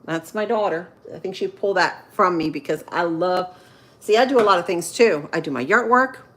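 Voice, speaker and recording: A woman in her thirties from Central Florida, chatting casually with viewers on a livestream while she cooks, with pauses and fillers as she thinks aloud. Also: on the low side, a bit bright. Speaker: livestream host. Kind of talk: casual live-stream chat while cooking.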